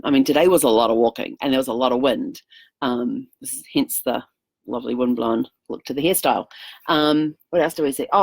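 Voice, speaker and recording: A woman's voice: a bass voice, creaky, a little mellow, husky, dry recording. A middle-aged woman vlogging in casual chat, telling a rambling story full of fillers. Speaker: travel vlogger.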